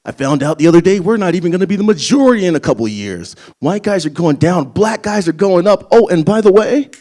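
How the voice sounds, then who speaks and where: A man's voice: fairly high pitch, darkish tone. A young adult man performing stand-up comedy, telling loose, profane, conversational stories to a live audience.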